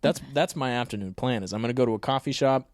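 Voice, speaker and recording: A man's voice: medium pitch, fast, dry recording, studio quality. Joking young man telling stories. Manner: joking, animated storyteller. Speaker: podcast guest. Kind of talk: casual chat.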